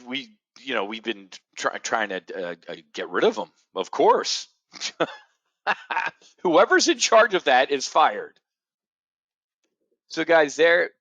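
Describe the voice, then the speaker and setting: A middle-aged man rants as host of a trading show, profane and sarcastic, dropping to a mutter and then bursting out loud. His voice sits at an ordinary pitch. The sound is dry and slightly muffled, like a lo-fi recording. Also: no echo. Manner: blunt, profane, sarcastic, swings from muttering to shouting. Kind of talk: ranting monologue.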